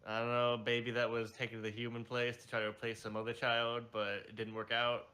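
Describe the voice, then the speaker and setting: Hesitant young man with a bright voice. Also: mid-range voice, completely flat delivery, brisk. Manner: hesitant, dry, many uh's. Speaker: player. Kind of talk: casual tabletop play.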